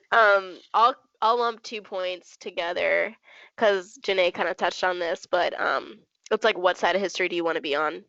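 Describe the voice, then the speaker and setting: A woman co-hosting a podcast in casual chat, talking quickly and animatedly with frequent fillers. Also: on the low side, vocal fry, bright, forceful tone, dry recording. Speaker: podcast co-host. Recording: dull dry lo-fi sound.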